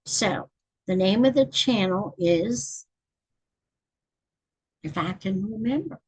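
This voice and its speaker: A middle-aged woman from Texas hosts a relaxed live stream, chatting with whoever drops by. She talks at an unhurried pace with a slightly husky voice. Now and then she counts stitches aloud as she crochets. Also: mid-range voice, poor audio. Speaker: channel host reading books. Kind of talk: casual live-stream chat.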